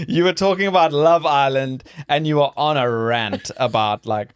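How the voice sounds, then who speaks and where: A man co-hosting a podcast, chatting in a relaxed, teasing way and often laughing through his stories. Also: fairly high pitch, unhurried, smooth, dry recording, studio quality. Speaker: podcast co-host. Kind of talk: casual chat.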